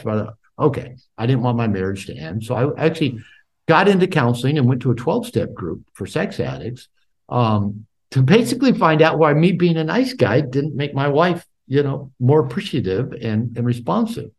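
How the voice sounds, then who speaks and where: A man's voice: medium pitch, big pitch swings, normal speed. An older man in an interview, a therapist and author, telling his personal story candidly and reflectively, with many fillers and restarts.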